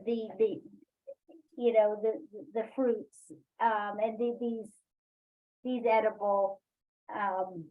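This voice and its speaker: A woman leading a poetry workshop, talking haltingly with many fillers and restarts. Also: a little high, phone-quality sound. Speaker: workshop leader. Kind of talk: online poetry workshop discussion.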